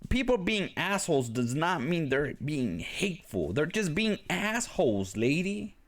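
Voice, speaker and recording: A man's voice: on the high side, unhurried. A young man giving blunt, profane reaction commentary, ranting casually as he reacts to clips. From Mexican-American, grew up near a casino. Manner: blunt and profane, animated rants.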